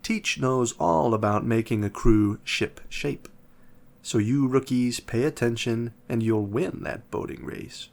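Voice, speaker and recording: A man voicing a loud, sinister male camp owner who booms his lines, in a slow storybook reading. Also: creaky. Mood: menacing. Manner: booming.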